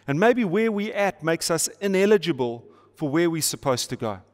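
A middle-aged pastor preaches with emphatic, repeated rhetorical questions and light playful asides. His voice sits fairly high for a man. A long reverb trails each phrase, as in a large church auditorium. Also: very animated, moderate pace. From South Africa. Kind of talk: sermon to an online audience.

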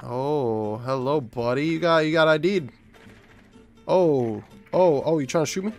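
A young man giving live commentary over a shooter game, swearing often and swinging from low mumbling to loud yelling. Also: a little slow, soft background music. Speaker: gaming YouTuber.

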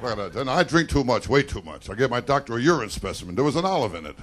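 A male stand-up comedian delivering rapid self-deprecating one-liners on a nightclub stage, often breaking in with "I tell you.". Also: mid-range voice, big pitch swings. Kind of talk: live stand-up routine. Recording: noisy live club recording with crowd. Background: audience laughter and applause.

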